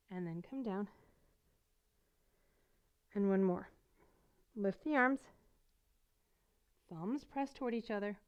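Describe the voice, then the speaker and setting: Gentle slightly breathless yoga teacher woman. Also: fairly high pitch. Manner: gentle, encouraging, explains as she demonstrates. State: a little out of breath. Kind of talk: guided yoga instruction.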